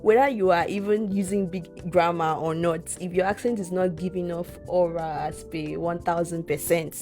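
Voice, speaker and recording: A woman's voice: on the low side, fairly even intonation, moderate pace, darkish tone, faint music behind. A young adult Nigerian woman co-hosting a podcast, speaking in an earnest, reflective way with frequent restarts. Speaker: podcast co-host. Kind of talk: casual podcast chat.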